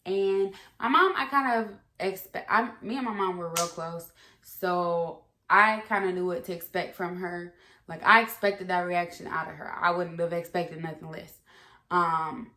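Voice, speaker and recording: A woman's voice: fairly low pitch, fairly even intonation, a little slow, sharp tone. Candid, profane young woman telling a story. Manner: candid, profane, rambling with fillers. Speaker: vlogger. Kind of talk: casual storytime. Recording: echoey room.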